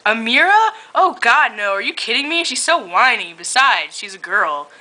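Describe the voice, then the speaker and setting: Cocky flirty werewolf guy, as a woman reads him, snarky, bright, giggly. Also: on the high side, very animated, normal speed, low-quality recording.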